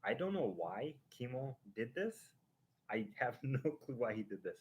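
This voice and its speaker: A man hosting a live stream, casually telling a family story in an animated, rambling way full of restarts and sound effects. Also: medium pitch, unhurried, lo-fi sound.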